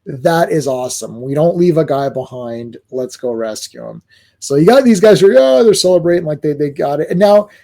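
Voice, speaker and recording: A man giving a casual, excitable comic book review, acting out the characters' lines. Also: on the high side, a little fast, vocal fry. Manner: excitable, animated, acts out quotes.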